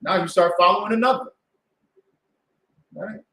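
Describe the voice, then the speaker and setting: A high-pitched man leads a Sabbath class like a preacher, firing rhetorical questions and pulling answers from the room. His voice rings around a reverberant space, with a lively, pressing delivery. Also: moderate pace. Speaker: religious class teacher. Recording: echoey room.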